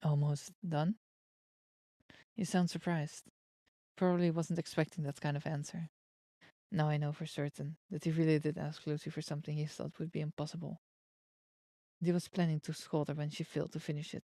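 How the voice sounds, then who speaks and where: Flat, mellow-voiced streamer reading a game aloud. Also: mid-range voice, normal speed, dry recording. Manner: playful, drops Japanese words into English. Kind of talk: reading a visual novel aloud and reacting. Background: soft game music.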